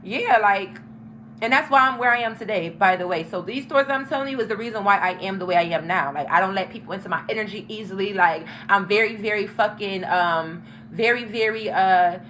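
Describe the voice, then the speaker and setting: A woman's voice: medium pitch, fairly bright tone, slight background noise, rough recording. A young woman hosting a casual storytime vlog, talking frankly and emphatically with lots of profanity. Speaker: tarot channel host.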